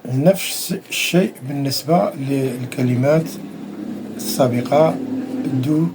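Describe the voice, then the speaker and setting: A man giving quick spoken asides that explain the lesson. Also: medium pitch, mellow, low-quality recording. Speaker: narrator explaining in another language.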